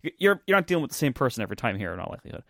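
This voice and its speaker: A man's voice: mid-range voice, very animated, rapid-fire, vocal fry, a bit bright, no echo, clean studio sound. A man co-hosting a podcast, talking matter-of-factly with wry, laughing asides. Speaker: podcast co-host. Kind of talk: casual podcast chat.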